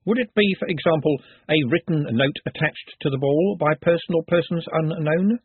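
A man's voice: fairly high pitch, normal speed, slightly rough, no echo, voice pushed up. A man voicing a prim, precise male secretary who talks in a formal, literal, solemn way. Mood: earnest. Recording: dry, phone-like narrow sound.

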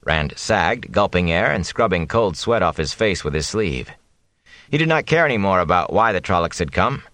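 A man reading a fantasy novel aloud in a measured, suspenseful way. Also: sits low, big pitch swings, fairly bright tone, no room sound. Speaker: audiobook narrator. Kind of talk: scripted fantasy narration.

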